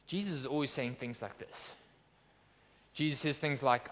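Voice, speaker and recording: Male pastor, higher register, preaching earnestly in a reverberant church hall. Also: moderate pace, fairly bright tone. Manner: earnest, emphatic preaching with rhetorical questions. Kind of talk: sermon.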